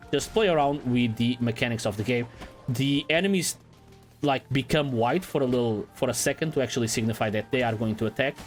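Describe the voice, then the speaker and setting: A man giving casual let's-play commentary in a relaxed, playful way, swearing now and then. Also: medium pitch. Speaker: gaming channel host.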